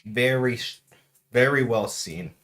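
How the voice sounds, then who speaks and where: A man's voice: medium pitch, slow pace, a bit bright, a little hiss or hum. A man streaming casually at home, chatting through a food tasting and dropping in Spanish words.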